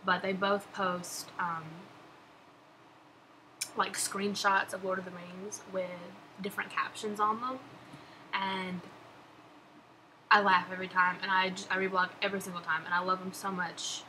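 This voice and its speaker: Young woman, casual vlog chat, gushing and giggly, mid-pitch, noisy background. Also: level tone, a little slow, long pauses, sharp tone. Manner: chatty, laughing, gushing. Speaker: vlogger answering follower questions. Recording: background noise.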